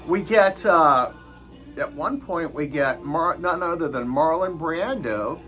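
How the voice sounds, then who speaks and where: A man casually reviews a film, hesitant and leaning on filler sounds as he goes. His slow delivery rises and falls expressively over faint background music. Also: on the high side, lively intonation, sharp tone, poor audio. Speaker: movie reviewer.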